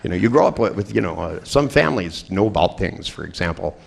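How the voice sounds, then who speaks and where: A middle-aged man with a low, gravelly voice leads a seminar in a comic, storytelling way. His pitch jumps about a lot as he plays the people in his anecdotes. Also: very animated, fast talker. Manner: joking storyteller who acts out quoted voices. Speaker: seminar trainer. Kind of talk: humorous seminar talk to a group.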